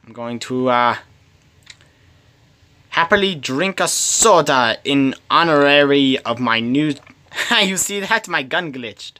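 Bright slow-talking male gamer. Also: medium pitch, expressive. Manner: talks to himself, pleading and playful. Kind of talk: solo gameplay commentary.

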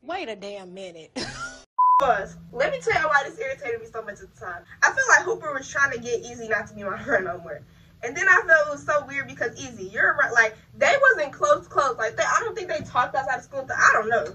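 Fast, bright-voiced young woman telling a story. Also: high-pitched, distant mic, a little hiss or hum, low-quality recording. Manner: animated, profane, talks straight to viewers. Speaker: vlogger. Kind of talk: casual storytime while installing a wig.

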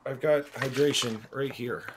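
A man's voice: mid-range voice, noisy background. A male streamer giving chatty, jokey gameplay commentary while thinking aloud.

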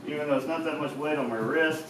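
A man's voice: on the high side, quick pace, background noise. Chatty man in an echoey room. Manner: loose and chatty, swears casually. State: slightly out of breath. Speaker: fitness vlogger. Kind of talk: casual instructional talk. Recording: echoey room, mic at a distance.

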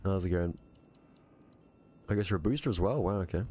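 A man streaming a naval battle game live, muttering quick reactive commentary to himself with a strained voice. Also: low voice, mellow.

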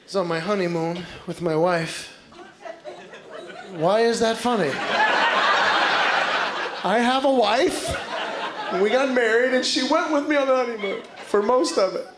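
A male comedian delivers an animated stand-up routine, his voice sitting high for a man. He tells his stories with big, exaggerated outbursts. The live stage recording carries clear background noise.

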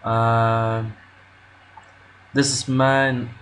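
Slow, bright-voiced nervous man learner. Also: mid-range voice, flat delivery, a little hiss or hum. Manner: nervous, self-doubting, halting with fillers. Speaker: language learner vlogger. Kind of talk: casual self-recorded lesson commentary.

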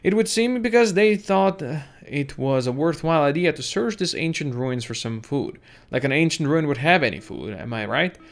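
A man's voice: fairly high pitch, animated, normal speed, vocal fry, hardly any pauses. A man voicing a drunk, burly old retired tech hunter who rambles on in a folksy, boozy way while telling stories. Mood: storytelling.

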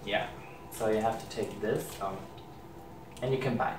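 A man's voice: on the low side, moderate pace. German man searching for English words. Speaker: guest. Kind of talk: casual chat, explaining candy. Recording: echoey room, far from mic, clear noise.

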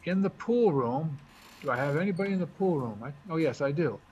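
A man's voice: a little high, expressive, a little fast, darkish tone. Chatty man explaining a board game. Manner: chatty, thinks aloud while moving pieces. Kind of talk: casual game commentary. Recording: dull lo-fi recording with faint hiss.

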